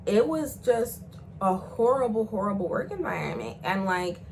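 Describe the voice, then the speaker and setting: A young woman, telling a profane storytime in casual chat and jumping into loud, high acted quotes. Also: sing-song, normal speed, slight background noise, low-quality recording. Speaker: storyteller vlogger.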